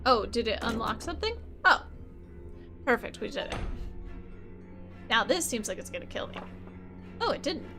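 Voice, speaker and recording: A woman's voice: a little high, big pitch swings, moderate pace, pauses often. A woman hosting a let's play, chatting casually and jokingly sounding out foreign words in mock accents. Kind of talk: casual game commentary. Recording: game music playing underneath. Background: game music.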